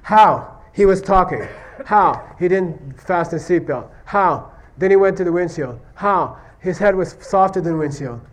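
A man with a somewhat raised voice gives a relaxed classroom lecture on Buddhist philosophy. He talks in stories and rapid question-and-answer chains. He checks in often to make sure his students follow. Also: sits high. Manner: repeatedly checks understanding with "okay?" and "you see what I mean?"; tells stories, acting out question-and-answer exchanges.

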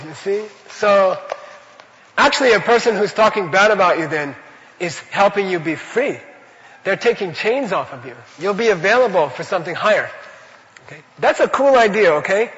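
A Buddhist teacher with a high, slightly bright voice gives an informal spoken teaching, rambling and chatty, often saying "you know" and laughing as he tells anecdotes. The sound is dull and lo-fi, recorded in a reverberant hall.

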